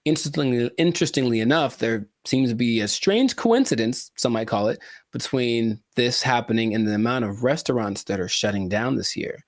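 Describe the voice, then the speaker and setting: A man's voice: mid-range voice, expressive, fairly quick, dry recording, clean studio sound. Jokey man co-hosting a podcast. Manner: jokey and theatrical, mock-emotional asides. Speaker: podcast co-host. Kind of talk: casual podcast chat.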